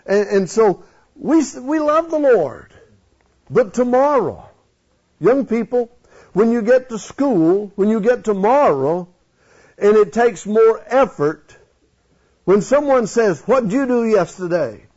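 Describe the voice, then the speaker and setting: A man preaching a folksy, animated sermon in church, questioning his congregation. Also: sits high, slow pace, long pauses, husky. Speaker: pastor. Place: church sanctuary. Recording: dull lo-fi sound.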